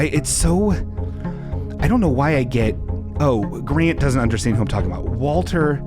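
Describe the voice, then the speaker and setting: A man hosting a livestream podcast, chatting casually in a rambling, jokey way with sarcastic asides. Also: mid-range voice. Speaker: podcast host. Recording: music bed playing underneath. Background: looping background music.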